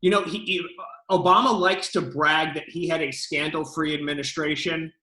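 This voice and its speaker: A man's voice: fairly high pitch, fairly even intonation, normal speed, bright, forceful tone, echoey room, rough recording. A man co-hosting a political talk show, giving emphatic, lawyerly commentary.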